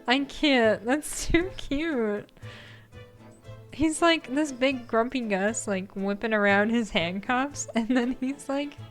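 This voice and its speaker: A woman's voice: fairly high pitch, slow pace. A young woman streaming a game live, gushing and giggling as she reacts, with game music behind. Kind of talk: live gameplay commentary.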